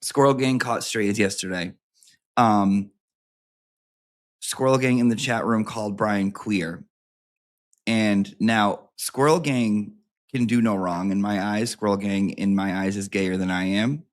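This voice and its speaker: Pitched fairly low, his voice stays fairly even and runs a little slow. As host of his channel, he talks casually to a live audience in a camp, sassy way, working through viewer emails with frequent swearing and asides.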